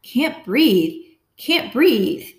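A woman's voice: on the high side, big pitch swings, very slow, pitched above the performer's own voice, full character voice. A woman voicing a frightened teenage girl. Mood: breathless. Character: sixteen-year-old girl, confused and frightened. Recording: roomy echo.

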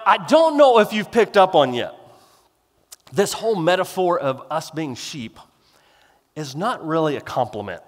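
A man's voice: mid-range voice, in a large hall. A male pastor preaching a sermon in a folksy, rambling way, with restarts and self-deprecating humor.

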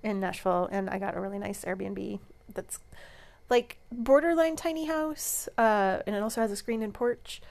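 A woman's voice: medium pitch, moderate pace, vocal fry, darkish tone. A woman co-hosting a casual travel podcast, chatty and easygoing, often trailing off with "anyway". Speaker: podcast co-host.

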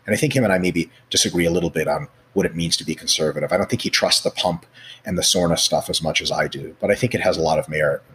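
A man with a low voice talks at a rapid clip as a guest expert. He is animated and swears freely, and he fills his speech with "like" and "you know" as he acts out little scenes. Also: slight background noise. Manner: profane, animated, acts out scenarios; many fillers like "like" and "you know". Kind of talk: casual explanatory chat.

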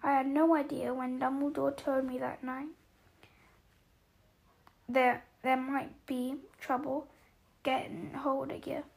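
A woman voicing a gruff giant man who is kindly but quick-tempered, with booming outbursts and folksy slang, in an audiobook reading. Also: level tone, exaggerated voice. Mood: worried.

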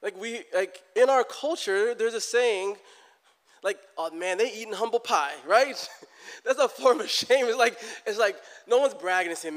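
A middle-aged man preaching a sermon in a church, animated and getting loud for emphasis, acting out people's prayers. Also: high-pitched, a little slow, in a large hall. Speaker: pastor.

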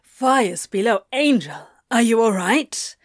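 A frantic male demon, as a woman reader puts him on, loud and alarmed. He scolds in a raised, pitched-up voice. The sound is dry and close. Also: animated, takes it slowly, no room sound. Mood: frantic scolding.

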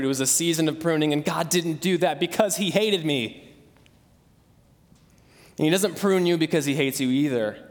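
A man's voice: on the high side, in a large hall. A young man in his twenties preaching a sermon, earnest and conversational, telling a personal story. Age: 20s. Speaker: pastor.

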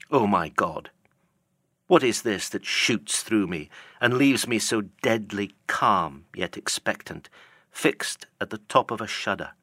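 A man voicing an anguished, loyal first mate on a whaling ship, speaking in a hushed, mournful old-fashioned way. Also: lowish voice, dry recording, studio quality, exaggerated voice. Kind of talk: audiobook character reading.

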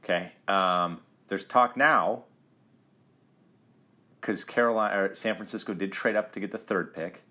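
A man's voice: low voice, measured pace, pauses often, sharp tone. A middle-aged man co-hosting a casual sports podcast, teasing and quizzing his co-host.

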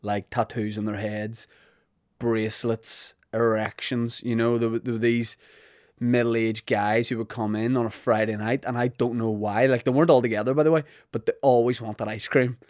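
A man's voice: mid-range voice, flat delivery, normal speed, darkish tone, dry recording, studio quality. A Northern Irish man hosting a podcast, telling rambling, self-deprecating comic stories. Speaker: podcast host. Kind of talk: comic monologue.

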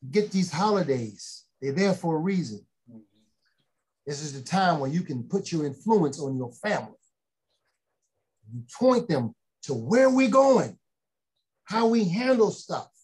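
A man's voice: a little high, big pitch swings, measured pace, long pauses, darkish tone, breathy edge. A middle-aged man telling folksy family stories and turning them into an emphatic lesson for an audience. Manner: folksy storytelling, quoting family members, rising to emphatic preaching. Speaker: speaker. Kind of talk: motivational storytelling talk.

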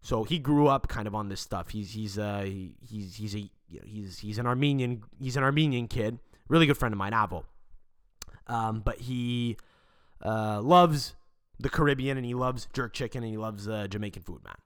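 A man's voice: lowish voice, normal speed, clear, resonant tone. A man, hosting a podcast and telling a rambling, profane story in casual chat. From Montreal, Canada. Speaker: podcast host.

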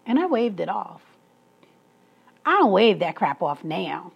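A woman's voice: mid-range voice, sing-song, measured pace, gravelly, pauses often, breathy edge, highs cut off. A woman talking through a personal story in an emphatic monologue, laughing between her points. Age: adult, past school age.

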